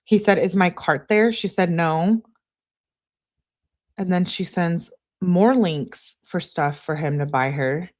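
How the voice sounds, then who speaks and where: A woman's voice: lowish voice, slow pace. A woman hosting a true crime channel, reading text messages aloud in a plain way and spelling out abbreviations letter by letter.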